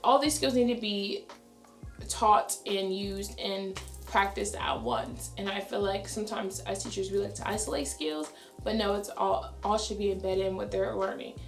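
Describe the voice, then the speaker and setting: A young adult woman, a schoolteacher, talking fast and chatty in a casual vlog, her voice raspy and tired. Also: medium pitch, reverberant, faint music behind. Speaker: elementary school teacher. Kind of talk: casual vlog talk to camera.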